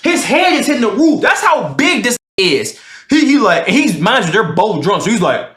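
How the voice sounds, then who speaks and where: A man's voice: high-pitched, big pitch swings, normal speed, a bit bright, echoey room. A man streamer telling a casual storytime in a slangy, profane way, acting out the people in his story.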